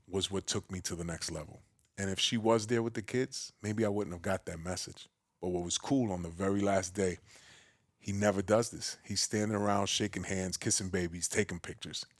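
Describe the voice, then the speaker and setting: A man from the Bronx with a New York accent, a podcast guest telling his story in a big, loud, boisterous way. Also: no room sound. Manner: acts out quoted voices with a raised pitch. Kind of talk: casual storytelling conversation.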